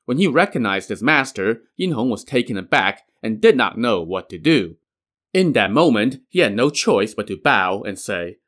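A man narrates a classic tale in an even, plain-spoken voice. He tells the story as a storyteller would. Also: on the low side, normal speed.

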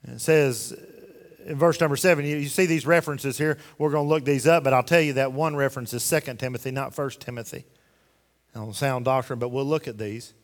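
In a church sanctuary with long hall reverb, a pastor preaches a folksy, emphatic sermon, firing rhetorical questions at the congregation. His voice is mid-range and fairly quick, with fairly even intonation.

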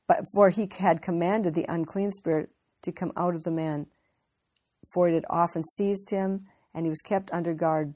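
Woman bible teacher, low-ish voice, chatty sermon, lots of ums and restarts. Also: warm tone. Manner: unscripted, with frequent fillers and restarts, earnest. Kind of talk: conversational sermon.

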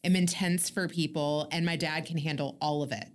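A woman who works as a TV producer, talking in an upbeat, energetic way in casual conversation. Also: low voice, normal speed. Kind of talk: casual chat.

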